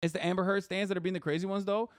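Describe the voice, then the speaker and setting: A man's voice: high-pitched, little pitch movement, very fast, clear, resonant tone, no room sound, clean studio sound. A man streaming live, reacting to clips and answering chat in a heated, profane rant. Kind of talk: livestream reaction commentary.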